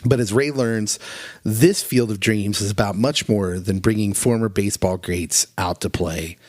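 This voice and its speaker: A man co-hosting a podcast in casual chat, retelling movie scenes with animated, emotional delivery. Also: lowish voice, moderate pace, dry recording, clean studio sound. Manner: animated, emotional, acts out quotes in raised voice. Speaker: podcast co-host.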